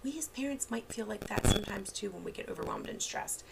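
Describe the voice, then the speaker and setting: Speaking quickly in a creaky, medium-pitched voice with huge pitch swings, a woman therapist delivers a casual, unscripted online training lecture. She fills it with fillers, restarts and stories from her own parenting, over heavy background noise.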